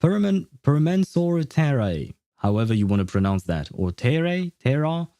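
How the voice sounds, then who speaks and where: A man's voice: a little high, sing-song, normal speed, mellow, dry recording, studio quality. A man streaming a game, chatting casually and thinking aloud with many fillers and restarts. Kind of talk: casual livestream chat.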